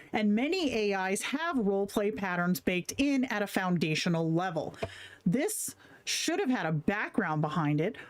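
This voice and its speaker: Casual, slangy woman streamer. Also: medium pitch. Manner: casual and profane, slangy, reads chat aloud. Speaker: livestream host. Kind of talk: casual live-stream chat reading comments.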